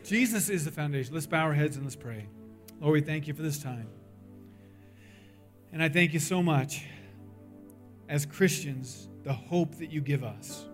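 A man's voice: a little high, moderate pace, long pauses, faint music behind. A man preaching a sermon, telling a story and acting out the voices in it, then pleading earnestly with his listeners. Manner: animated storyteller, acts out voices in dialogue; earnest, urgent appeal to the audience. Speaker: pastor.

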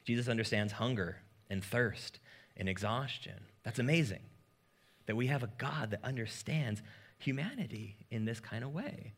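A man preaching a sermon as pastor, in a casual, joking manner with lively asides. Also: mid-range voice, normal speed.

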